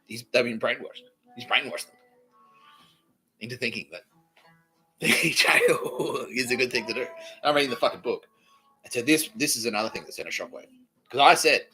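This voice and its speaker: A man hosting a podcast, rambling through a profane monologue that swings from low mutters to loud outbursts. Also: fairly quick, pauses often, breathy edge, soft background music, low-quality recording. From Australia. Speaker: podcast host.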